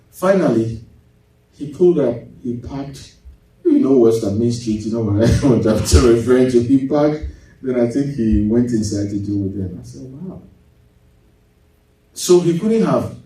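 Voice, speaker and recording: A man preaching a sermon as pastor, lively, going from loud to hushed and laughing as he tells stories. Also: medium pitch. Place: church. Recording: echoey church hall, mic at a distance.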